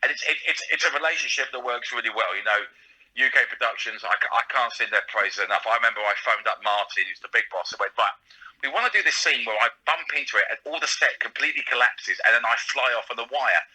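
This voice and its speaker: A man talks casually in an interview, laughing often and tripping over his words as he goes. His voice is strikingly bright and sharp. It comes through a slightly tinny line. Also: mid-range voice, fast talker, husky. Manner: chatty, laughing, many restarts. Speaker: panto comic and radio presenter, guest.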